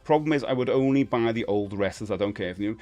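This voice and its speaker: A man's voice: on the low side, fast talker, warm tone, faint music behind. A man in his forties with a Cockney London accent, hosting a live stream in a casual, rambling chat with lots of fillers and restarts. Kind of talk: casual chat, reading viewer comments.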